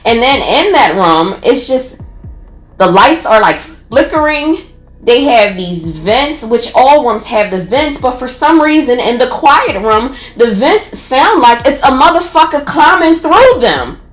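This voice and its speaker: A woman with a Philadelphia accent telling a personal story in a casual, animated, profane way. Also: high voice, a little slow. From North Philadelphia. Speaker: podcast storyteller. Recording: roomy echo.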